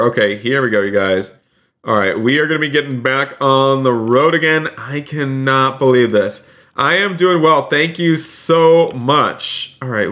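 An eager man commentates his game stream in a voice of ordinary pitch. He narrates every move to his viewers with constant exclamations and says many lines twice. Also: sharp tone. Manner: repeats phrases, keeps saying "you guys". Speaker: streamer playing a roleplay game.

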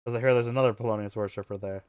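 Excitable male tabletop player. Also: on the low side, very fast, clear, resonant tone, dry recording, studio quality. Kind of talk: casual tabletop play.

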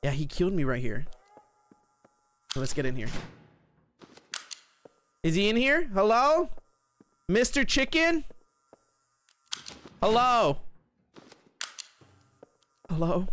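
A man streaming a horror game live, excitably chatting with his viewers as he plays. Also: high-pitched, takes it slowly, pauses often, slight background noise. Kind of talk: live gameplay commentary.

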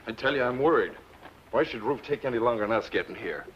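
An actor as a rude, blustering outlaw. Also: male voice, medium pitch, lively intonation, fast talker, background noise, lightly acted. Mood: surly. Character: rude, surly male outlaw. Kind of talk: 1950s TV western acting. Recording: muffled old TV soundtrack.

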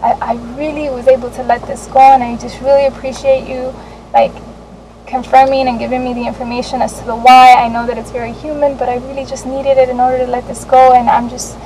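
A young adult woman vlogging, telling a candid personal story in an animated way, with laughs and the odd swear. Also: high voice, a little fast, a little hiss or hum, low-quality recording.

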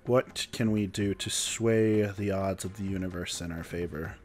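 A man's voice: low voice, fairly even intonation, moderate pace, a little mellow, soft background music. A young man live-streaming a game and chatting casually with viewers, a little sick, with a cough.

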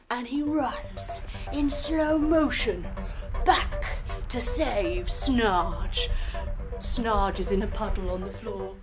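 A woman telling a guided yoga story for children, playful and animated with sound effects. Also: on the high side, slow pace, over music. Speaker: kids' yoga instructor and storyteller.

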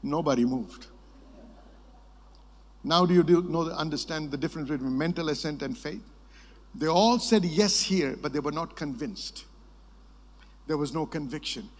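A man preaching a sermon with a slightly raised pitch, telling stories and calling on the crowd to answer. His voice rings with the long reverb of a large conference hall. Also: normal speed, long pauses. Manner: lively storytelling, prompting the congregation to answer.

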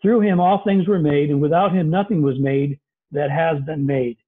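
A man's voice: on the high side, moderate pace, husky. A man preaching a sermon over a video call, talking in an earnest, conversational way with many fillers. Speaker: pastor. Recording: tinny lo-fi video call audio.

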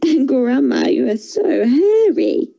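A woman plays a carefree young storybook girl. The voice rides up high and swings a lot as she asks wide-eyed questions, with a dark, mellow tone. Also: very animated, slow pace, gravelly, slightly rough, highs cut off, heavily acted. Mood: puzzled. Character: young girl, Little Red Riding Hood, carefree.

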